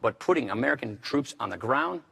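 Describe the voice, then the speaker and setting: A man's voice: medium pitch, lively intonation, a little fast, creaky, a bit bright, slightly rough. Guy in a political debate, firm, keeps hammering the same phrases, on a stage. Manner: firm, repeats key phrases for emphasis. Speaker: debate candidate, congressman.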